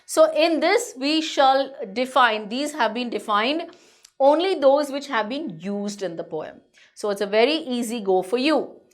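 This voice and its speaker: A woman's voice: high voice, expressive, measured pace. A woman teacher with an Indian English accent, explaining a lesson to students, patient and repeating points to reassure them. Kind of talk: online class lecture.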